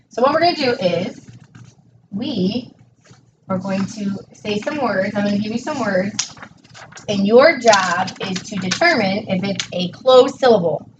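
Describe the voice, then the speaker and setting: A woman teacher tutoring a child one-on-one in a patient, encouraging way, praising each answer. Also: mid-range voice. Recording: distant dull mic with faint noise.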